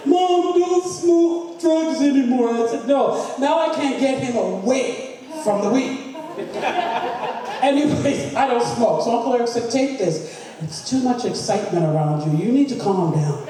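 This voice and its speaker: A woman's voice: fairly high pitch, animated, unhurried, a crowd in the background. A middle-aged woman giving a humorous family tribute at a memorial, telling a story and laughing through her lines. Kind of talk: humorous anecdote at a memorial celebration. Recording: echoey hall recorded from far off.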